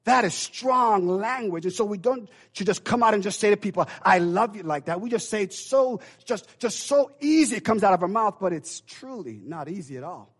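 A middle-aged male pastor preaching a sermon, swinging from loud emphatic declarations to hushed low asides with call-and-response phrases. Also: animated, normal speed, hardly any pauses.

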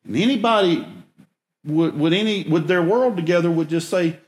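A man's voice: fairly high pitch, lively intonation, moderate pace. A man preaching through a folksy, self-mocking story, with emphatic bursts. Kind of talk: storytelling sermon. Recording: echoey room.

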